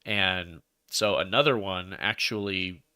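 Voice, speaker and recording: A man's voice: low-pitched, takes it slowly, sharp tone, a little hiss or hum. A man casually retelling a folk legend as a podcast co-host, rambling with restarts. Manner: rambling storyteller with restarts, laughs into jokes. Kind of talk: casual chat.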